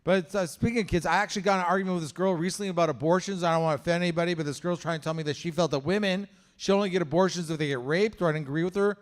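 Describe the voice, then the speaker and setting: A man's voice: high voice, steady tone, racing, few pauses. A young man from Canada doing a crude, conversational stand-up set on stage, acting out voices in his stories. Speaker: stand-up comedian. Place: comedy show stage with live audience.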